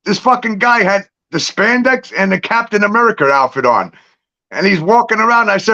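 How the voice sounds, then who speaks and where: Profane, fast-storytelling man, high voice. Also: gravelly, dull audio. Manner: profane, animated storytelling with laughs. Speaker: livestream guest. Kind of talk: casual livestream chat.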